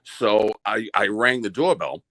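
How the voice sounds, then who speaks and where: A man's voice: fairly low pitch, unhurried, dry recording. A man with a Boston accent telling a story on a podcast, swearing often, stammering and repeating words as he goes. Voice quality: profane, stammering, animated retelling.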